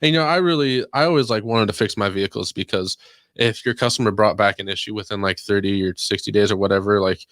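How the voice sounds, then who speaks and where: A man's voice: lowish voice, fast, fairly bright tone, dry recording. A man from Ohio chatting as a podcast guest, telling loose, rambling stories full of "dude" and casual swearing. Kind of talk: casual storytelling chat.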